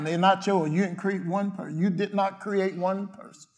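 High-voiced preacher man, fiery. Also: steady tone, moderate pace. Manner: swings from shouting to hushed murmurs; repetitive declarations and cadences. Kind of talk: fiery sermon.

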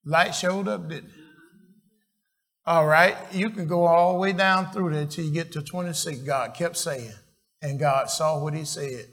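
A man's voice: a little high, fairly bright tone. A man preaching a sermon, quizzing the congregation with questions and often restarting his phrases. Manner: call-and-response questions to the congregation; slow, halting, repeats and restarts phrases. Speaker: pastor.

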